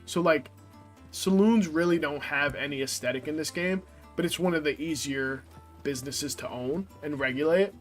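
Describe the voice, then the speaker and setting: A man's voice: a little high, normal speed, soft background music. A young man chatting casually while streaming a game, rambling and swearing, with lots of filler words. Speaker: gameplay streamer. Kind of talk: casual chat while playing.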